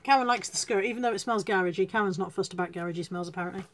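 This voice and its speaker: A woman's voice: medium pitch, rapid-fire. A woman chatting casually to viewers on a live stream, self-deprecating and greeting people as she goes. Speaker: reseller hosting a live stream.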